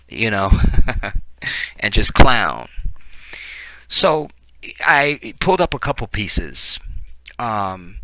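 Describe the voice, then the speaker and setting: A man hosting a chatty commentary show, talking straight to his viewers. His voice is slightly low, with a sharp, tense brightness. It is recorded close and dry, with no room sound. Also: no room sound, rough recording. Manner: chatty, addresses viewers directly, frequent fillers. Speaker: online show host and commentator. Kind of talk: casual commentary reading out news articles.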